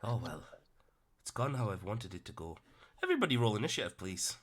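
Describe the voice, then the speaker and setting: A man narrating as game master of a tabletop game, relaxed and sweary, with plenty of fillers. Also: fairly low pitch, a little fast, breathy edge.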